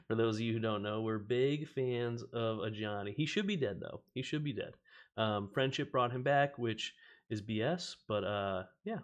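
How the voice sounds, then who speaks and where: A man hosting a casual card-opening stream. He chats, laughs often and reads the card text aloud. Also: fairly low pitch. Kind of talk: casual chat while opening card packs.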